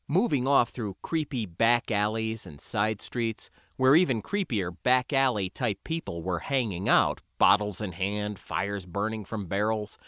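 A man narrates a first-person adventure story with a wry, lively storytelling manner. His pitch moves around a lot as he reads. The recording is close and dry, with no room sound. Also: dry recording. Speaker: audiobook narrator.

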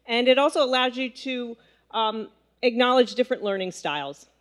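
A woman, a mother, calmly telling a story about how she raised her children. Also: fairly high pitch, normal speed. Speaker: parent sharing a story. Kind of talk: casual storytelling.

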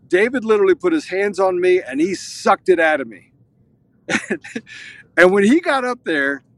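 A man's voice: high-pitched, a bit bright. A man on a live stream, speaking outdoors at a state capitol. He is fired up and emphatic, and his sentences run on with restarts. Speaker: on-location guest reporting in. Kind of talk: casual live-stream chat.

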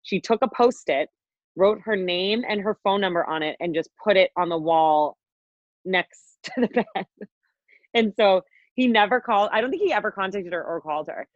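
A woman's voice: medium pitch, moderate pace, no echo. A young woman co-hosts a podcast in loose, casual chat. She rambles through stories, laughs often and swears freely. Her voice sounds dry and a little muffled. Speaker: podcast co-host.

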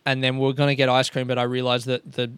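Rambling, swearing comic. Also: male voice, medium pitch, monotone, fast, fairly bright tone, clear, resonant tone, dry recording. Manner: rambling, self-mocking, swears a lot, acts out dialogue. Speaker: stand-up comedian, podcast host. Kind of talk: casual storytelling monologue.

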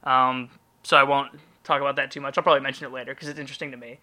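A man in casual podcast chat with a bright, forceful tone. He jokes around and swears freely, laughing often as he rambles on. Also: mid-range voice, little pitch movement, rapid-fire. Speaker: podcast co-host.

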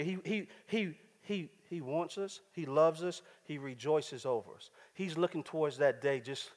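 Guy preaching a sermon, kinda high voice, slangy and casual, long echo off the church hall. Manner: casual street slang, rhetorical check-ins. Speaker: pastor.

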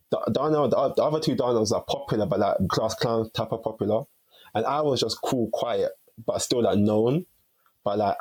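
Young man, podcast guest, husky low voice, rambling easy storytelling. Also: rough recording. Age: young adult. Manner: chatty and relaxed, heavy use of "like". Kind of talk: casual storytelling chat.

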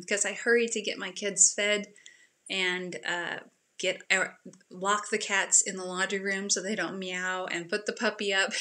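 Bright-voiced woman hosting a faith show. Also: medium pitch. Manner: chatty, laughing, emotional storytelling. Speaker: host of a faith talk show. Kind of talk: informal devotional teaching.

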